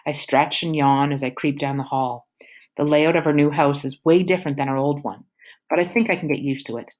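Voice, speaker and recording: Low-voiced woman narrating an audiobook. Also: fairly even intonation, brisk, a little mellow. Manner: casual, youthful first-person telling. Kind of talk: first-person audiobook narration.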